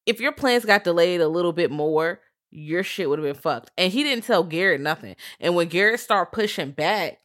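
A woman casually recapping a movie in a profane, animated way, acting out lines from the characters. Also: on the low side, moderate pace. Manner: profane, animated retelling with acted-out quotes.

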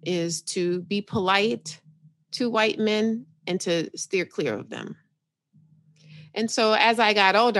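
A woman from New York, a psychotherapist guest on a podcast, telling a personal story in an animated, candid way and laughing easily. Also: lowish voice, no room sound, clean studio sound. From New York, United States.

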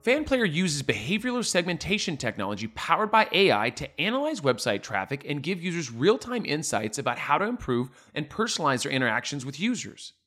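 A man's voice: a little high, big pitch swings, fairly quick, few pauses, bright, forceful tone, soft background music. A man hosting a podcast interview, talking with eager enthusiasm and rambling restarts. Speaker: podcast host. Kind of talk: casual interview chat.

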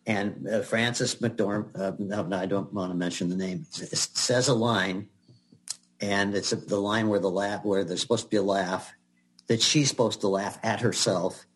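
A man's voice: fairly low pitch, fairly even intonation, normal speed. An older man, a guest actor, telling chatty anecdotes in an interview with laughs and restarts. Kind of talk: storytelling in an interview.

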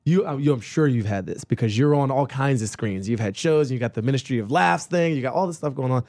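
A man speaking as an author guest in a casual conversation, animated and self-mocking, with quick jokes. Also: mid-range voice, no room sound, studio quality.

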